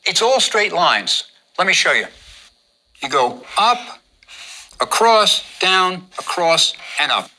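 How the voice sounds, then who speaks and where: Bright, lively man teaching drawing. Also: high voice, takes it slowly, pauses often, rough recording. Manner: patient, instructive, repeats each step. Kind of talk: step-by-step drawing lesson.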